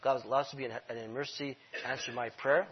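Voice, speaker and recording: A man's voice: medium pitch, steady tone, brisk, slightly rough. A man leading his congregation in an earnest sermon, repeating key phrases for emphasis. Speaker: congregation leader. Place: congregation room. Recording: dull lo-fi sermon recording.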